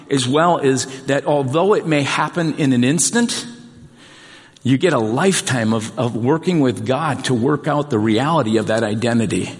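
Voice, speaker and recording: A man preaching a sermon as pastor in a church, earnest and emphatic, slowing down and repeating key points. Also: medium pitch. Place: church sanctuary. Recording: long reverb of a large hall.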